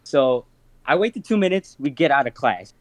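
A man's voice: mid-range voice, normal speed, noisy background. A man in his twenties telling a story on a podcast, swearing freely and acting out the voices in his tale. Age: 20s. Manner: profane, animated, acts out voices in his stories. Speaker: podcast host. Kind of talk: casual storytelling.

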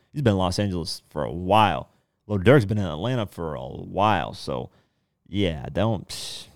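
A man's voice: low-pitched, gravelly, no room sound, clean studio sound. A man hosting a podcast alone, talking loosely and rambling, with casual swearing. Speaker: podcast host. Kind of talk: casual solo commentary.

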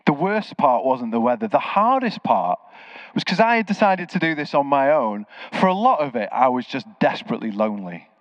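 A man of medium pitch preaches a little fast, animatedly telling stories within his sermon and acting out the voices of the people in them. The recording sounds dry and slightly dull.

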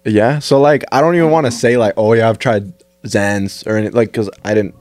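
A young man co-hosting a podcast, talking in halting, profane casual speech full of fillers. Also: on the low side, steady tone, a little mellow, no echo. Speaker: podcast co-host. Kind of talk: casual chat.

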